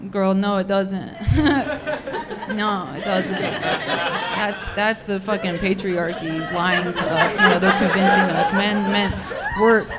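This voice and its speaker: A young woman doing a stand-up comedy set, crude and unfiltered, rambling with lots of "dude" and "like", her voice a little raspy. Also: medium pitch, background noise. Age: young adult.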